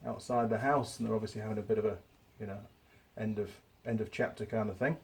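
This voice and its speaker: A man's voice: on the low side, steady tone, quick pace, a little mellow, husky. A middle-aged man hosting a workshop repair tutorial, chatting casually and wandering off on stories as he works. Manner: chatty, digressing, self-deprecating. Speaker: mechanic host. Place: home workshop.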